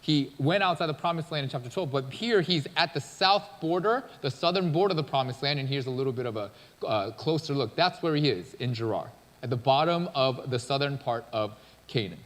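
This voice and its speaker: Casual preacher in a reverberant church. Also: male voice, mid-range voice, expressive, brisk. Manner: casual, conversational storytelling. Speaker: pastor. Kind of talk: sermon. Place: church sanctuary. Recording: long church-hall reverb.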